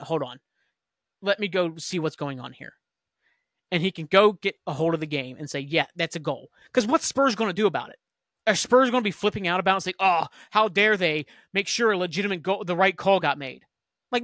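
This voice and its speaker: A man whose voice sits high and a bit bright unloads on refereeing in angry, profane commentary on his sports talk podcast, talking fast and heatedly. The sound is clean studio audio with no room sound.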